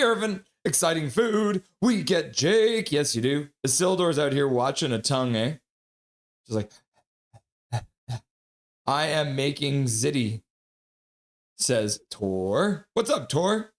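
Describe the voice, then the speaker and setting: A middle-aged man hosts a casual hockey pregame livestream, reading chat and greeting viewers one by one in an upbeat, friendly way. His voice sits a little higher than most men's and sounds a bit bright.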